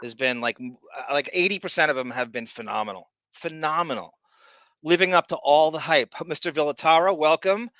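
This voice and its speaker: A man hosts a casual podcast, calling out viewers by name between crude jokes and long rambling stories. His voice is bright and forceful, and it is recorded dry and close. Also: fairly high pitch, a little fast, no echo. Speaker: podcast host. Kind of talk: casual chat, greeting live chat viewers.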